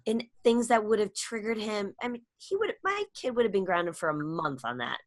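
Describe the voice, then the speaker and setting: Animated middle-aged woman telling a story. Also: moderate pace. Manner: animated storytelling, acts out quotes with sudden high pitch jumps. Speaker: guest, comedian and public speaker. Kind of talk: casual storytelling interview.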